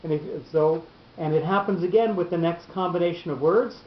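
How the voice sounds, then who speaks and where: A man's voice: on the high side, a little fast. A man teaching a class on Torah cantillation, explaining patiently step by step and restarting his sentences often. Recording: echoey lo-fi room recording.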